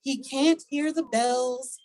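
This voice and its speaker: A woman reading a children's picture book aloud at a community event, animated and coaxing the young audience to join in. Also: high voice, slow, dry recording, poor audio.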